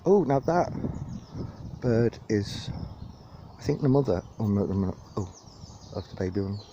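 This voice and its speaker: A man's voice: fairly low pitch, animated, unhurried, dark tone, muffled recording. A man, rambling and self-deprecating as he gives a casual walking tour of a park, filmed on a handheld phone outdoors. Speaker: vlogger giving a walking tour. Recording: outdoor wind and birdsong noise.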